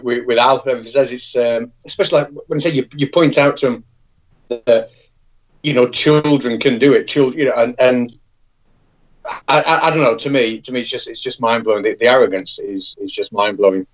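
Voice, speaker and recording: A man's voice: mid-range voice, fairly even intonation, brisk. Stammering man on a muffled call. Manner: stammering, restarts often, laughs. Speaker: guest. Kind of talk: casual live-stream chat.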